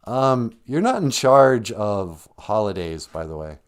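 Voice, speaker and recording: A man putting on the voice of his teasing female partner on a comedy podcast, answering back in a dry, drawn-out way. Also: lowish voice, very animated, smooth, voice pushed down.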